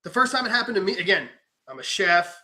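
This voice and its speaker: Brief: young man, higher voice, rapid-fire animated storyteller with a foul mouth. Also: a crowd in the background. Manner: animated storyteller, swears freely, acts out quotes. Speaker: podcast host. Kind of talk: casual chat.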